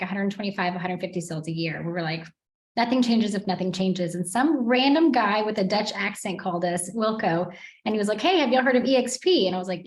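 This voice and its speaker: Chatty upbeat woman, echoey room. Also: mid-range voice. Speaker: guest, real estate team leader. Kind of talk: video call interview.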